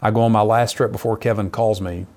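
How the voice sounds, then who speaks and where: A middle-aged man, a missionary, telling his personal testimony in an earnest, lively conversational way. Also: lowish voice, fast. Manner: earnest storyteller, lively retelling.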